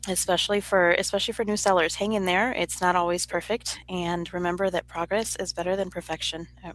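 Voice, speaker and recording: A woman co-hosting a podcast who offers supportive encouragement. She speaks with a flat, even tone. Her voice sits a little low. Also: brisk, rough recording. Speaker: podcast co-host. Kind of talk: casual chat.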